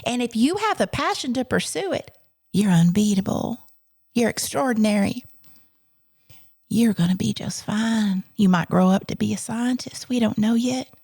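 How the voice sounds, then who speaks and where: A woman voicing a warm older schoolteacher who speaks to a child in a doting, emphatic way and calls her honey. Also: a little high, animated, normal speed, gravelly, slightly rough, no echo, clean studio sound, heavily acted. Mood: encouraging.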